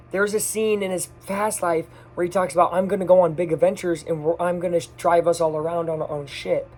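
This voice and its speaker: A person reviews a movie straight off the top of their head, with a middling pitch. They gush excitedly and speak in quick bursts. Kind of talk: casual off-the-cuff movie review.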